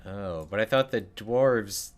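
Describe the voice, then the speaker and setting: A man's voice: lowish voice, takes it slowly. Sarcastic man streaming a game. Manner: sarcastic, joking, muttering asides. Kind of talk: casual gameplay commentary.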